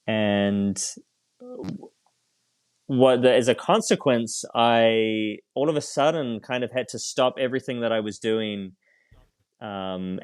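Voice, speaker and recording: Male priest, interview guest; candid, faltering storyteller with wry humor; mid-pitched, smooth, dry close-mic sound. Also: no room sound. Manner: reflective, halting, with frequent fillers and light self-mocking laughs.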